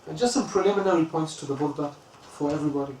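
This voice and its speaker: A man from the UK gives a lesson on classical poetry, telling stories and rattling off chanted verses. His voice sits a little high. The room is echoey and the mic is some distance away, with faint ambience behind. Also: a little mellow, a little hiss or hum. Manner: storytelling, chants lines of verse quickly. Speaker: religious teacher.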